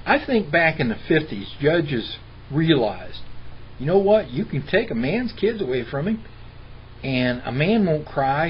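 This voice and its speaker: A middle-aged man telling stories in an interview, argumentative and mimicking the people he quotes. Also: fairly high pitch. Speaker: interview guest. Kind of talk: impassioned personal storytelling. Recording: dull lo-fi recording with faint hiss.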